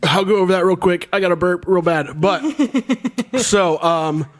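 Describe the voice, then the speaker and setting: A man's voice: high voice, a little slow. Laughing, swearing male podcast host. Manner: laughs often, swears freely, loose storytelling. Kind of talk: casual podcast chat.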